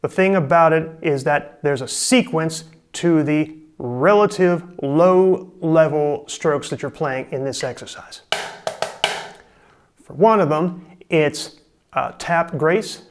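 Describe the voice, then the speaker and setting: Male drum instructor, patient and methodical, a touch high-voiced, recorded with clear background noise. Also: slow. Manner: calm, step-by-step coaching. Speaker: drum teacher. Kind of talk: instructional video lesson.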